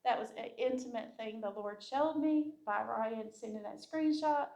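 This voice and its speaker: A woman's voice: on the high side, moderate pace, a little mellow. A woman giving a heartfelt personal testimony to her congregation, telling the story and acting out what people said. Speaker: church member sharing a testimony.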